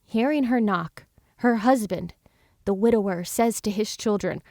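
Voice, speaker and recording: A woman's voice: medium pitch, a little slow, a little mellow, dry recording, clean studio sound. A woman co-hosting a history podcast, telling a spooky story with a playful, giggly manner. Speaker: podcast co-host.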